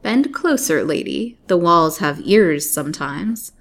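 Lady putting on a greedy old hag peddler, wheedling, low gravelly voice. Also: lively intonation, slow, exaggerated voice. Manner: wheedling, pleading. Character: greedy scheming old female lace peddler.

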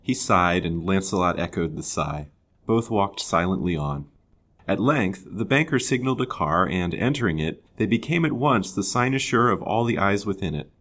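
A man reading a period novel aloud in measured, expressive narration. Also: sits low. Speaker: storyteller. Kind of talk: storybook reading.

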